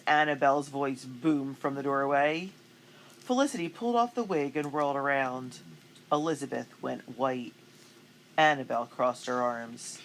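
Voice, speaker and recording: Woman narrator, children's storybook, low voice, clear, expressive. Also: measured pace, slight background noise. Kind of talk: storybook read-aloud.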